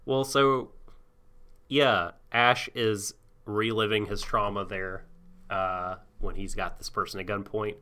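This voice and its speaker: A man's voice: lowish voice, fairly even intonation, takes it slowly, pushed and bright, clean tone. A man co-hosting a casual anime podcast, recapping scenes in a rambling way with fillers. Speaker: podcast co-host.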